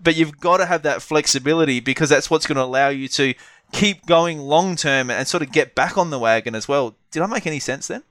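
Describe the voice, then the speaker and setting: A man's voice: a little high, brisk, fairly bright tone, dry recording. A man co-hosting a podcast in a casual, reflective chat, rambling a little and restarting his sentences. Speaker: podcast co-host.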